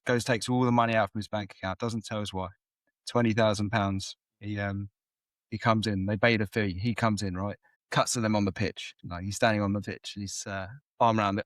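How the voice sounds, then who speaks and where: A man's voice: fairly low pitch, flat delivery, fairly quick, no room sound. Brief: male co-host, rambling storyteller, laughs a lot, dry close sound. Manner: laughs often, rambling storyteller who acts out quotes. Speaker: podcast co-host. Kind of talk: casual chat, retelling comedy scenes.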